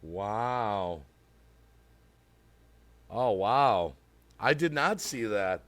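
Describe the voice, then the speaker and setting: A man hosting a casual livestream, greeting viewers by name, reading chat aloud and rambling as he thinks out loud. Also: fairly low pitch, slow pace, long pauses, clean tone, no echo. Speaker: livestream host.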